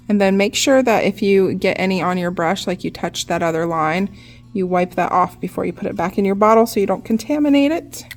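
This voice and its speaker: In a chatty, laid-back tutorial, a young woman who does nail art explains each step of a design. Her voice is medium in pitch, and "like" comes up often.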